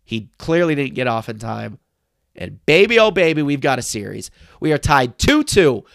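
Excitable gravelly-voiced man recapping basketball. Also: mid-range voice, normal speed, no room sound, studio quality. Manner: excitable, emphatic fan talk. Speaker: podcast host. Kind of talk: solo sports recap.

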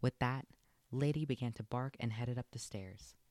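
A man narrating a children's storybook aloud in an expressive, lilting read. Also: medium pitch, moderate pace, no echo.

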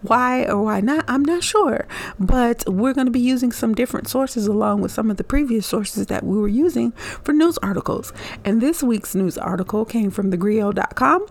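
A woman's voice: fairly high pitch, animated, normal speed. A woman hosting her own podcast in a solo monologue, upbeat and chatty, laughing often and using fillers. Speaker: podcast host.

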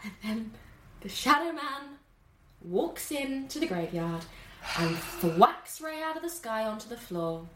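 A woman co-hosting a casual podcast, retelling a film plot quickly and animatedly with lots of fillers. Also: on the high side, roomy sound, noisy background. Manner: animated, fast storytelling with many fillers.

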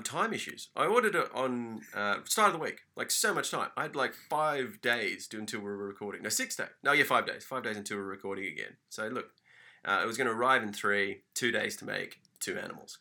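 A man co-hosting a casual podcast, telling a story in an animated, sweary, mock-furious rant. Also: fairly low pitch, fairly quick. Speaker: podcast co-host.

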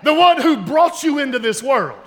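A pastor with a strikingly high male voice delivers a sermon. He tells stories from the pulpit and rises to loud, emphatic shouts. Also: expressive, moderate pace, in a large hall. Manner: storytelling preacher, builds to loud emphatic shouts.

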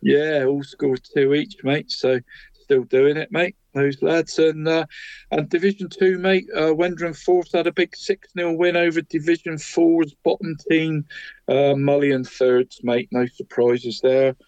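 A man's voice: a little high, steady tone, measured pace, darkish tone, dry recording, highs cut off. A man co-hosting a casual local football podcast, reading results in a chatty way and tagging nearly every line with "mate". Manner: chatty, tags nearly every line with 'mate', chuckles at his own jokes. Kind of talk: casual sports chat.

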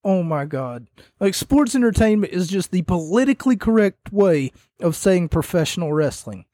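A young man giving a rambling, casual wrestling recap that grows animated as he retells the scenes. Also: high voice, moderate pace, dry recording. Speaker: wrestling commentator.

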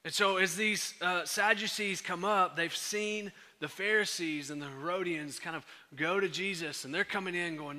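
A pastor delivering a sermon in a conversational way, full of fillers and restarts. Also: male voice, sits high, normal speed, hardly any pauses, pushed and bright, big-room sound.

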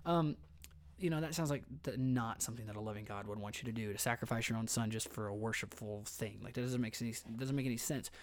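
A man's voice: medium pitch, fast talker. A man, a father and podcast host, casually retelling a Bible story into a microphone, laughing often and restarting sentences. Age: adult father. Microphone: studio microphone.

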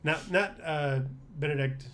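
A man's voice: fairly high pitch, a little slow, fairly bright tone, a little hiss or hum. A man co-hosting a podcast, chatting casually about a film in an opinionated, rambling, wry way. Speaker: podcast co-host. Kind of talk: casual chat.

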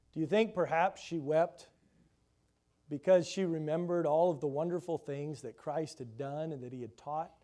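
Man preaching with rising, swelling emphasis. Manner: swells loud and high for emphasis, drops soft and low; reads scripture then expounds with rhetorical questions. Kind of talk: sermon.

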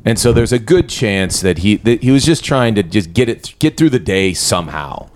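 A man's voice: fairly low pitch, sing-song, normal speed, noisy background. A man from the Pittsburgh area co-hosting a casual comedy podcast, telling anecdotes and slipping into quoted voices.

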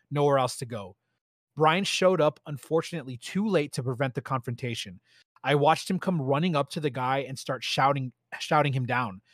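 A man reading a first-person story aloud in a steady, plain way, with a few small stumbles. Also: medium pitch, no room sound, studio quality. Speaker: story narrator.

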